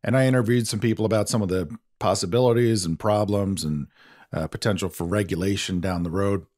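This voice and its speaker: A man's voice: lowish voice, brisk, darkish tone. A man hosting a podcast, explaining things in a chatty, self-deprecating way. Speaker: podcast host. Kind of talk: conversational podcast banter.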